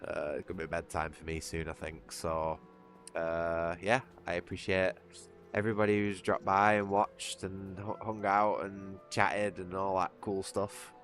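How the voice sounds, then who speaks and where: Low-voiced British man streaming. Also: monotone, measured pace, a bit bright, faint music behind. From Britain. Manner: rambling, with restarts and chuckles. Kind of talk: casual gaming livestream chat.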